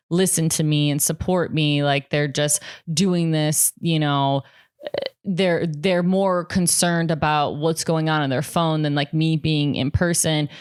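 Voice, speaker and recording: Low-voiced woman, frank, swears freely. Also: clean tone, no room sound, studio quality. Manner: frank and profane, heavy use of "like". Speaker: vlogger. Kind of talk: candid personal monologue.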